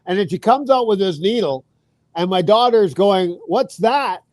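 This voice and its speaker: High-voiced man telling a story. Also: normal speed, no echo. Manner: animated anecdote with acted quotes and laughs. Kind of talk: casual storytelling.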